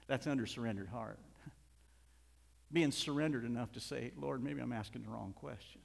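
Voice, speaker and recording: Fervent preacher in an echoey hall. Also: male voice, mid-range voice, moderate pace, gravelly. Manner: swings from soft asides to loud fervent outbursts. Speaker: pastor. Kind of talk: sermon. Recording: reverberant hall.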